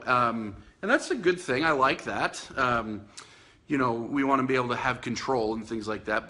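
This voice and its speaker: A man hosts a casual dog-training podcast from home with a bright, forceful voice. He talks in a loose, chatty way, teasing himself and circling back with ums and restarts. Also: medium pitch. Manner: chatty, self-teasing, many fillers and restarts. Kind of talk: casual video podcast monologue. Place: indoors in front of a Christmas tree.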